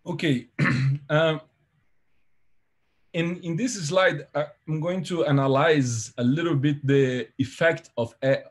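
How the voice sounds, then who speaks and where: A man's voice: a little high, takes it slowly. A man presenting an academic seminar, explaining carefully with frequent fillers and self-corrections.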